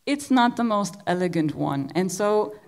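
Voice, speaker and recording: A woman from Belgium speaks to an audience about her music in a loose, reflective way. She is at a middle pitch and keeps a relaxed conversational pace. She circles back on her own words as she thinks aloud. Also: unhurried, creaky. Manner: relaxed, reflective, often repeats words as she searches for them. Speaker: musician giving a talk. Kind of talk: conversational lecture.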